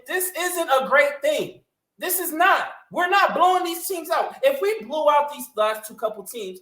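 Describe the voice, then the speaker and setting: A woman's voice: sits high, sing-song, measured pace, fairly bright tone. A woman co-hosting a sports podcast, ranting in a heated, emphatic way and cussing freely. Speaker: podcast co-host. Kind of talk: casual sports podcast rant. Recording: echoey room.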